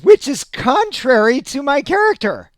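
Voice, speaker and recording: High, bouncy-voiced male host. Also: sing-song. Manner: eager, jokey, quick to agree and interject. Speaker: interview host. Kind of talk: casual interview chat.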